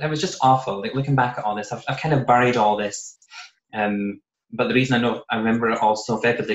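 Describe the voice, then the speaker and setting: A British man quietly telling a personal story in a casual podcast chat, often voicing what he said and thought back then. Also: fairly low pitch. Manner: soft-spoken, recounting with quoted asides. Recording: roomy, slightly muffled podcast audio.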